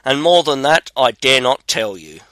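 A man's voice: mid-range voice, very animated, moderate pace, pushed and bright, dry recording, low-quality recording. A man reading the lines of a frightened young king's daughter under a witch's spell. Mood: fearful.

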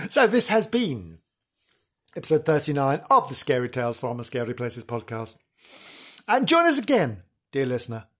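A man wraps up his podcast episode in an easygoing, teasing way. His pitch rises and falls in lively swoops as he jokes at his own expense. His voice has a slightly husky grain. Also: normal speed, pauses often. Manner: chatty, teasing, self-mocking. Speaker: podcast host. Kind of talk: casual podcast sign-off.

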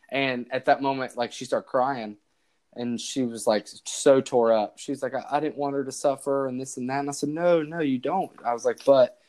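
A man's voice: medium pitch, darkish tone. A young man hosting a podcast, rambling through a story with lots of restarts and quoted back-and-forth. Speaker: podcast host. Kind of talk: casual storytelling chat.

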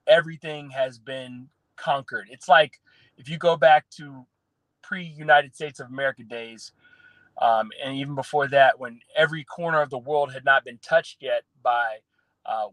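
A man from the US South giving animated, opinionated takes as a guest on a casual sports talk show. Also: medium pitch, dry recording, rough recording. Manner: opinionated, animated, restarts phrases.

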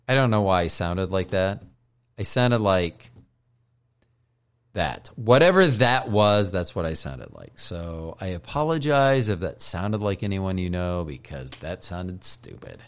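A low-voiced man hosts his own podcast while high, drifting from joke to joke. He swears freely and keeps apologizing for himself in a loose, self-mocking ramble. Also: very animated, normal speed. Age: older. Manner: profane, joking, self-deprecating. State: stoned. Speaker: podcast host.

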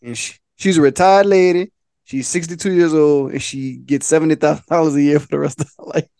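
A man co-hosting a podcast, telling a rambling, slangy story and laughing as he goes. His voice sits slightly high and sounds dry and close. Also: fairly even intonation, brisk, creaky, warm tone, smooth, no echo. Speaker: podcast co-host. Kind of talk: casual storytelling chat.

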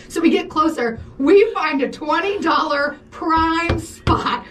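Animated, profane woman co-host. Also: high voice, normal speed, hardly any pauses, recorded from a distance, slight background noise. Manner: animated, profane, laughs often while telling stories. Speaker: podcast co-host. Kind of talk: casual storytelling chat.

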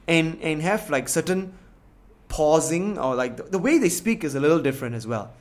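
A man with a slight Indian accent and rolled R's talks in a fairly high, lively voice that rises and falls a lot. A Tamil speaker from Singapore, he sounds reflective and casual, checking in often with "you know". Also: moderate pace. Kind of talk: casual conversation.

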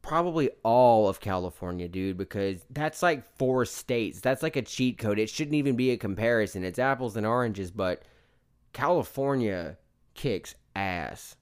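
A man's voice: mid-range voice, expressive, moderate pace, hardly any pauses, smooth. A man co-hosting a casual movie review podcast, talking in a loose, profane, enthusiastic way. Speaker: podcast co-host.

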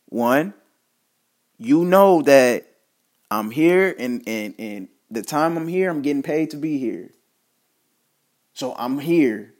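A man's voice: mid-range voice, expressive, slow, long pauses, darkish tone. A man talking straight to the camera in a casual motivational monologue, repeating himself and restarting phrases as he preaches to his listeners. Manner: repetitive, stumbling restarts, preachy asides.

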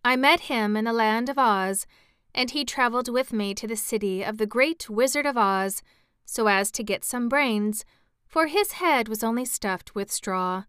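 A woman's voice: on the high side, moderate pace, fairly bright tone, clear, resonant tone, no room sound, clean studio sound, close to an everyday voice. A woman voicing an eager, earnest young girl in a storybook reading, talking in an insistent way.

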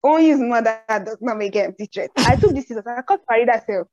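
A young woman with a Nigerian accent hosting a podcast, telling personal stories in an animated way and acting out the people in them. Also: fairly high pitch, fast, dry recording. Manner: animated storyteller who acts out quotes. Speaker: podcast host. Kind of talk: casual chat, personal storytelling. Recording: slightly dull, dry audio.

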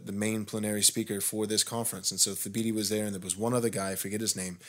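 A man, a pastor hosting a podcast, telling a long story in casual conversation, growing more heated with frequent restarts. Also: on the low side. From United States. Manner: animated, rising intensity when indignant, frequent restarts.

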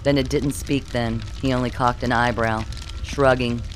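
A man narrating a dark first-person story in a measured, somber way. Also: medium pitch, flat delivery, faint music behind. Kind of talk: scripted audiobook narration.

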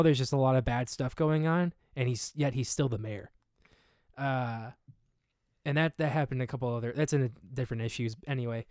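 A man's voice: medium pitch, dry recording, studio quality. Chatty man retelling a comic. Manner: animated storytelling with many fillers and restarts. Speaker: podcast co-host. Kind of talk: casual chat.

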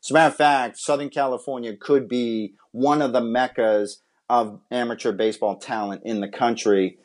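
A man's voice: medium pitch, fairly even intonation, moderate pace. A man from Massachusetts, a podcast guest, telling his life story in an earnest, heartfelt way. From Massachusetts, USA. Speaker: interview guest, former pitcher and scout. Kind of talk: personal storytelling in a podcast interview.

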